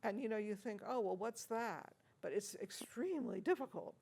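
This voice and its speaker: An older American woman, interviewed about her life as an organist and teacher, reminisces through chuckling anecdotes with many hesitant restarts. Her mid-range voice is a little mellow and slightly rough, moving at a moderate pace.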